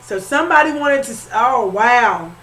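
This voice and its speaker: A woman's voice: on the high side, lively intonation, normal speed, fairly bright tone, soft background music, poor audio. A woman, giving a casual spiritual reading in a conversational, repetitive and emphatic way. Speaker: spiritual reader.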